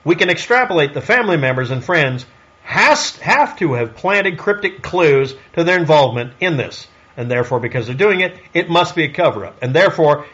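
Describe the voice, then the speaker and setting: A man's voice: fairly high pitch, fairly bright tone. Snarky, sarcastic man in a lo-fi recording. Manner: rhetorical questioning. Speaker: online commentator. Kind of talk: solo commentary monologue.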